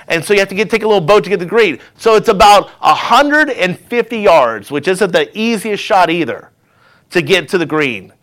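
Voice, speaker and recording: A high-voiced male pastor preaching a sermon. He tells stories in a conversational way and draws in the congregation with call-and-response asides. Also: fairly bright tone.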